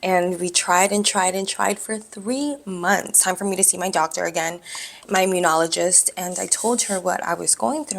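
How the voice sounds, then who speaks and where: Woman vlogger with vocal fry, candid and animated, personal story to camera. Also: lowish voice, moderate pace. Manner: candid, animated, acts out dialogue.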